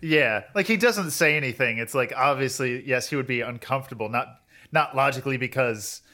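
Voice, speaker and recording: Bright-voiced man chatting about anime. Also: medium pitch, a little fast. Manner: rambling, animated retelling with quoted voices. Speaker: podcast co-host. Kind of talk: casual chat about anime.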